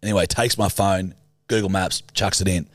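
A young Australian man with a fairly low voice tells a story in casual podcast chat. He is animated and sweary as he talks. The sound is close and dry. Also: normal speed, no echo. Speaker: podcast co-host.

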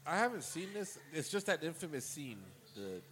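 Lively-voiced man mocking a movie. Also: a little high, moderate pace. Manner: animated, laughing, sarcastic. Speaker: co-host watching a movie. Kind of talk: casual profane movie commentary.

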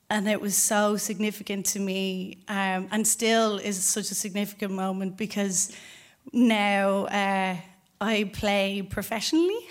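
A young Irish woman telling a true personal story live onstage, animated, acting out the voices of the people in it and laughing between lines. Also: mid-range voice. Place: theatre stage before an audience.

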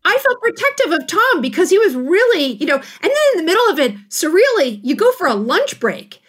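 A middle-aged woman, a guest author on a podcast, telling a personal story in a casual, animated way and laughing often. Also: very high voice, fairly quick. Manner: animated, laughing, acts out quotes.

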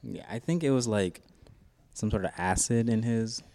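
A man's voice: lowish voice, moderate pace, mellow. A young man co-hosting a casual podcast chat, laid-back and matter-of-fact. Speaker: podcast co-host.

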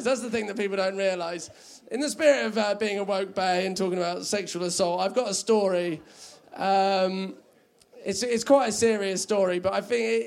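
A man's voice: high voice, gravelly. A man performing a stand-up comedy set, rambling and self-mocking and laughing at his own jokes.

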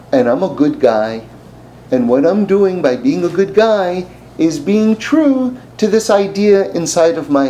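Male preacher, lively storyteller, voice jumps around, slight background hum. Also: on the high side, low-quality recording. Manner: animated, acts out voices in the stories, laughs often. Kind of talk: sermon with storytelling.

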